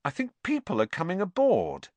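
A man's voice: high-pitched, wildly swooping pitch, moderate pace, dry recording, voice pushed up, heavily acted. A man voicing a hot-headed teenage boy who talks bluntly and impulsively, in a storybook reading. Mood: wary.

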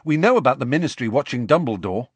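A man's voice: mid-range voice, animated, slightly rough, no echo, pitched above the performer's own voice. Man doing Harry, urgent teen boy. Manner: quick, urgent questions. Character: curious, urgent teenage schoolboy.

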